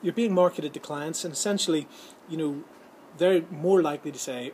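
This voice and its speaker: Male vlog host, chatty and jokey, a bit higher-pitched, with steady background ambience. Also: normal speed, rough recording. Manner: chatty and jokey, many fillers and restarts. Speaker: vlog host giving film and voiceover tips. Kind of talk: casual rambling chat to camera. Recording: clear background ambience noise.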